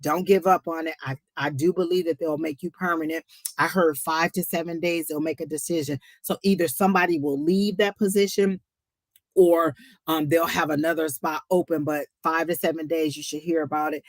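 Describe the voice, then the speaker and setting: A woman giving a live psychic reading, emotional and close to tears, warmly encouraging the viewer and calling her honey. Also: sits low, steady tone, normal speed, no room sound. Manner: talks to the chat as y'all. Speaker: psychic reader on a live stream.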